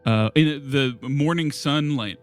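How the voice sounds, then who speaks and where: A man's voice: on the high side, takes it slowly, soft background music. A man running a tabletop game as game master, describing scenes in a loose, filler-heavy way.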